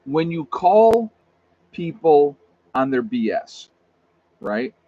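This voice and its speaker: A man's voice: on the high side, big pitch swings, slow pace, lo-fi sound. A man hosting a livestream, talking bluntly and emphatically in a casual rant, repeating himself for stress. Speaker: livestream host.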